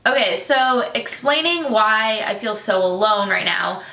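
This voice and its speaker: A woman's voice: medium pitch, lively intonation, measured pace, vocal fry, bright, forceful tone, echoey room. A young woman from Michigan talking candidly to camera in a personal vlog, chatty with many fillers and tearful at times. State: tearful, getting emotional. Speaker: vlogger, military wife.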